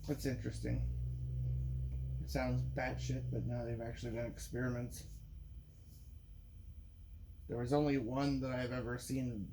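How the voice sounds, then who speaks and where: A man rambles through a loose monologue, restarting his sentences and swearing freely. His voice sits at an ordinary middle pitch, with a faint hiss of background noise behind it. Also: level tone, unhurried, gravelly, pauses often. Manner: rambling, with frequent restarts and profanity. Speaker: vlogger.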